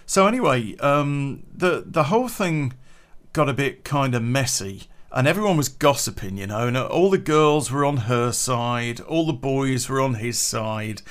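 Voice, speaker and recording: A man's voice: mid-range voice, lively intonation, a little slow, a bit bright. A man telling a casual anecdote, chatty, swearing freely and laughing at his own story.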